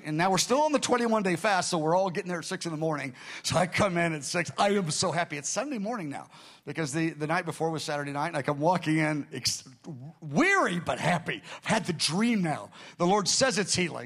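Male preacher, fairly high voice, lively testimony storyteller with acted-out dialogue. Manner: animated storytelling, repeats phrases, acts out dialogue. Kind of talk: sermon testimony.

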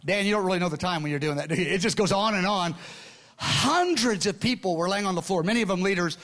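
An older preacher with a high-pitched voice tells stories from the pulpit, working from notes in a loose, conversational sermon. He's animated and quick, acting out dialogue and laughing often, while repeating and restarting sentences and sometimes dropping to a hushed tone.

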